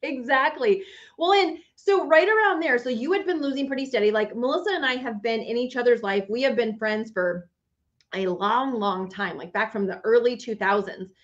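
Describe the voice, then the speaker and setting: A woman's voice: a little high, normal speed, highs cut off. A woman host talking with a friend in a casual, empathetic interview chat. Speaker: podcast host.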